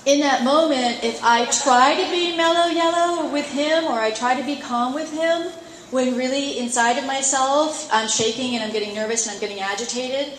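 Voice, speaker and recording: A middle-aged woman coach teaching a live seminar at a horse expo, chatty and lively, acting out her inner thoughts. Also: high voice, normal speed, slight background noise. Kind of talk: live talk to an audience. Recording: roomy echo, faint ambience.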